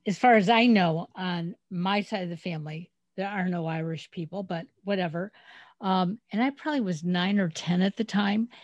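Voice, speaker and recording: A woman's voice: medium pitch, dry recording, lo-fi sound. Chatty storytelling woman, dry sound. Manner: storytelling, chatty, animated retelling. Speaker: podcast host. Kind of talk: casual interview chat.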